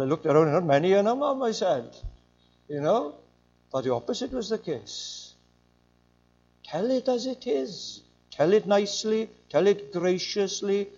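Older male preacher, high voice, emphatic, muffled lo-fi recording. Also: a little mellow. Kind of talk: sermon.

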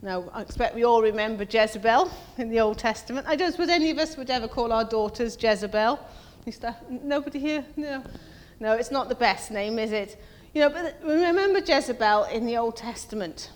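In a church, a woman preaches a conversational sermon, asking her congregation questions and acting out quoted voices in a higher pitch. She speaks animatedly and a bit fast, with few pauses. The church hall gives the audio a long reverb.

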